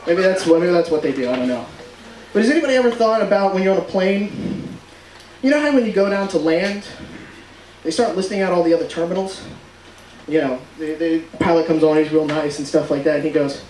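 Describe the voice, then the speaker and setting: A man doing a stand-up comedy set on stage, joking loudly and slipping into put-on voices. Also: high voice, expressive, a little fast, slight background noise. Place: comedy club stage with audience. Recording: echoey room, far mic, crowd laughter.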